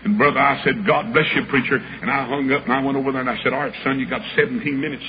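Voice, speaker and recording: A man preaching, telling a folksy story and acting out the voices in it, building up to shouts. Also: mid-range voice, fairly even intonation, rapid-fire. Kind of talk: storytelling sermon. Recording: dull lo-fi recording with clear background hiss.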